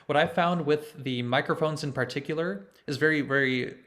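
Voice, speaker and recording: A man's voice: fairly high pitch, moderate pace, a bit bright. A young man in his twenties giving a conversational online presentation to a choir over a video call, explaining church music and leading chants. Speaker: conducting student presenting to a choir.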